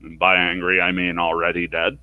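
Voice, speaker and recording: A man's voice: completely flat delivery, a little fast, no echo, narrow, tinny audio. A man streaming a game, reading its dialogue aloud with wry, sarcastic commentary. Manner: wry and sarcastic, bursts into higher pitch for characters' lines. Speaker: let's play streamer.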